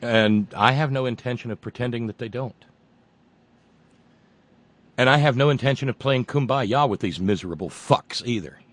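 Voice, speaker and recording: A man's voice: medium pitch, normal speed, long pauses, no echo. A man with a Southern American accent delivering a profane, sarcastic political rant as a commentator. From Southern United States. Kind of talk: monologue rant.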